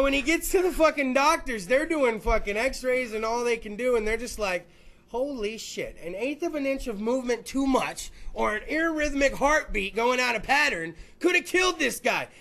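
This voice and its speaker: A man hosting a podcast, telling crude, rambling stories full of swearing and quick put-on voices. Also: very high voice, fairly bright tone. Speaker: podcast host. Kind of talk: crude comedic podcast rant.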